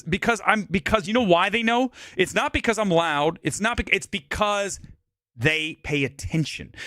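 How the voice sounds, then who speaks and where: A man hosting a casual live movie-review stream, talking in a brash, rambling way with frequent swearing and quick laughs. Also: on the high side, bright, forceful tone, no echo, clean studio sound. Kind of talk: casual live-stream chat reading comments. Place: home studio near Los Angeles.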